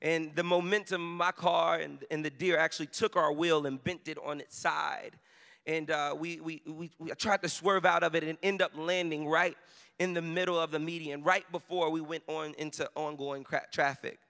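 A man preaching in a church, with a high, bright voice. He tells his story conversationally and pushes into shouted emphasis. His voice rings with the long reverb of a big hall. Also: flat delivery, normal speed, creaky, smooth. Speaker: pastor. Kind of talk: sermon with personal story.

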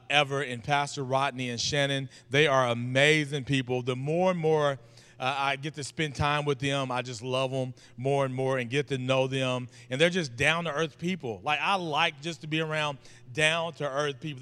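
Guy in his 30s preaching at church, bright smooth voice, long hall echo. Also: fairly high pitch. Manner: folksy, joking, animated storytelling. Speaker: guest preacher. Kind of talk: informal sermon introduction. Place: church sanctuary.

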